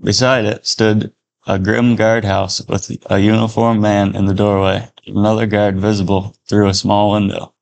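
Low, gravelly male storyteller. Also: little pitch movement, normal speed. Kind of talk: reading a Christian story aloud.

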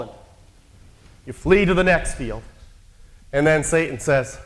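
A man's voice: a little high, measured pace, pauses often. A man preaching a sermon in a conversational, storytelling way, acting out quotes from the characters he describes.

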